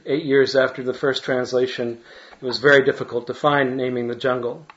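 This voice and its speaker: A man's voice: medium pitch, dull audio. A man who translates literature, reading a paper aloud and adding hesitant, restarting asides in an academic manner. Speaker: literary translator giving a talk.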